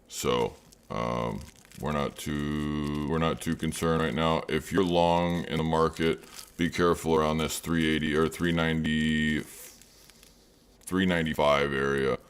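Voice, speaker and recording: Very deep-voiced man hosting a trading stream. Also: steady tone, a little slow, clean tone. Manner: rambling, talks to chat by name, many fillers. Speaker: livestream trading host. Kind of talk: casual livestream chat.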